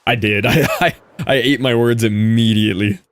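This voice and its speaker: A man's voice: mid-range voice, moderate pace, dry recording. A man streaming a game, chatting casually with viewers and answering their messages as he plays. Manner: chatty, answers chat, thinks aloud. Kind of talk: casual live-stream chat while gaming.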